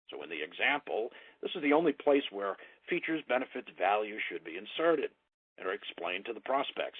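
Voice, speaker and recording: A man coaching sales calls, with a lively voice that rises and falls to stress key words. His voice is a little husky and comes through a tinny, phone-like line with no room echo. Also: lowish voice, fairly quick. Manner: emphatic voice inflection, coaching tone. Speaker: sales trainer. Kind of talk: instructional talk.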